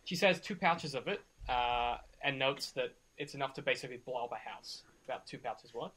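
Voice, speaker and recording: A man's voice: medium pitch, normal speed, pushed and bright, low-quality recording. A man narrating as game master of a tabletop game, in a loose, rambling way with many fillers.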